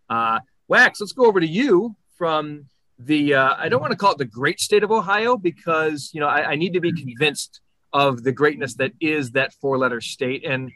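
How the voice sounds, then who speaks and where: A man's voice: on the high side, bright, forceful tone, dry recording, poor audio. A man co-hosting a casual college football podcast, talking in a rambling, friendly way and often correcting himself. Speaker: podcast co-host. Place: Michigan.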